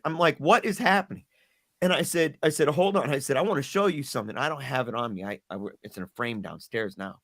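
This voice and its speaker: A middle-aged man telling a painful personal story as a podcast guest, earnest and halting, often repeating words as he goes. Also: on the high side, lively intonation, a bit bright.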